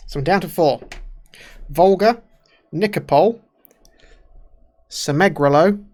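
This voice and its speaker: A man in casual let's-play commentary, talking slowly and at a middle pitch. He mutters to himself, thinks aloud and lets his words trail off quietly, with faint mouse clicks in the background. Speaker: gaming YouTuber.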